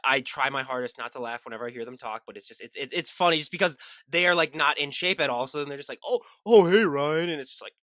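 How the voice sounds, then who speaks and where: Male podcast host, very fast talker, bright sharp voice, dry close sound. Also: mid-range voice, no room sound. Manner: rapid, chatty, animated storytelling. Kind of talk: casual interview talk.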